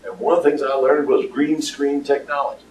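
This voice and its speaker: Rambling older man pitching to a crowd. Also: steady tone, brisk, darkish tone, slight background noise. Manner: rambling storyteller with many fillers. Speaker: startup presenter. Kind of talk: casual pitch talk to an audience. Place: meeting room with audience. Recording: roomy, distant room recording.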